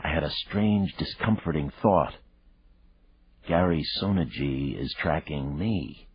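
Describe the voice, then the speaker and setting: A man reading a thriller audiobook in the first person, measured and reflective. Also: a bass voice, breathy edge, dry recording. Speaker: audiobook narrator. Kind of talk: first-person scripted narration. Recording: dull lo-fi dry recording.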